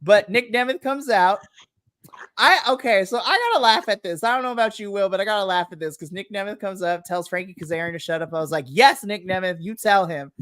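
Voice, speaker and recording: A woman co-hosting a live podcast, recapping wrestling in a dramatic, animated storytelling way over a remote call mic. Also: medium pitch, fast talker, no echo, studio quality. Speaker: podcast co-host. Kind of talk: casual wrestling recap chat. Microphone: remote live-stream call mic.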